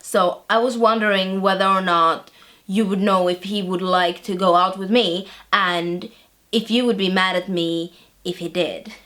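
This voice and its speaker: A young woman plays a bemused teenage girl telling her camera about the students she tutors. Her voice sits at an ordinary middle pitch, and her telling is chatty and wry, dotted with fillers. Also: fairly even intonation, unhurried, fairly bright tone, natural voice. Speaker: vlogger. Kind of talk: scripted vlog-style monologue.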